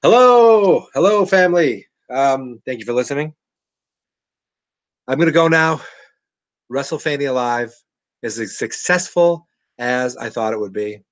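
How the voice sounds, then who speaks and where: A man's voice: medium pitch, a little slow, pauses often, fairly bright tone, no room sound, low-quality recording. Tipsy rambling male podcast host. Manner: rambling, self-mocking, a bit tipsy. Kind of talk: casual live-stream chat. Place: at home with family.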